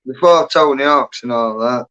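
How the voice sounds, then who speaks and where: A man's voice: mid-range voice, normal speed, sharp tone, clear, resonant tone. An English man telling stories in rambling casual chat, swearing a lot and tacking "and that" onto his sentences. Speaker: livestream guest. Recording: dull lo-fi stream audio.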